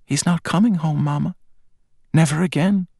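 A man's voice: medium pitch, brisk, creaky, darkish tone, no room sound, clean studio sound, voice pushed up. A man voicing a frightened, insistent ten-year-old girl in an audiobook, in a pleading childlike voice. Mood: grim certainty.

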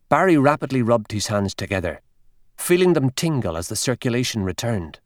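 Man reading an audiobook, lively pitch, dry close mic. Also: no echo. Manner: measured, expressive. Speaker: narrator. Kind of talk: audiobook narration.

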